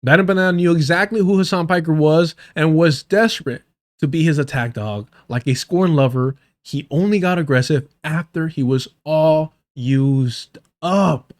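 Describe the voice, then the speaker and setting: A man's voice: on the high side, moderate pace. A man commenting on a live stream in a heated, sarcastic and profane way. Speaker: streamer reacting to a debate.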